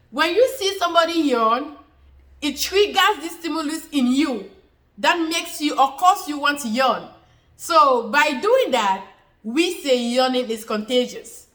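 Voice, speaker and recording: Woman with a fairly high bright voice, chatty explainer talk to viewers, says everything twice. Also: poor audio. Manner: repetitive, restates points, many fillers. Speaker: health educator answering questions. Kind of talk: informal explanatory talk to camera.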